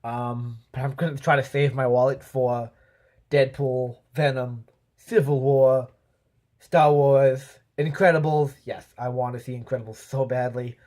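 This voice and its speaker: Male vlogger, casual off-the-cuff movie review, chatty and meandering, mid pitch. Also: a little mellow. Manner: rambling, full of "um" and "you know"; voices sound effects and quotes while telling.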